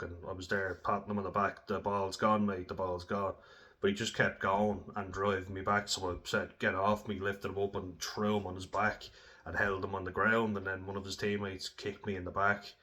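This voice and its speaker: A man's voice: fairly low pitch, a bit bright. A young man telling blunt, sweary stories in a casual way, often laughing as he talks. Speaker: former rugby player. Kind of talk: casual storytelling.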